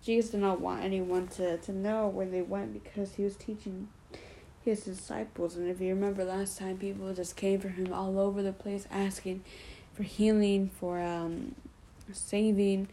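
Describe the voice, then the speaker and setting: A woman with a mellow, warm voice at a middle pitch retells a Bible story in her own casual words. She talks loosely and chattily, sprinkling in "like" and "you know" as she goes. Now and then she stops to explain the meaning in plain terms. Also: flat delivery, normal speed, a little hiss or hum, rough recording. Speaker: Bible study leader.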